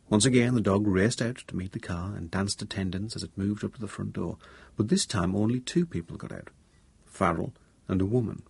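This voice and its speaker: A man narrating a thriller audiobook in first person, measured and low-key with a tense undertone. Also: creaky, darkish tone, breathy edge, no room sound.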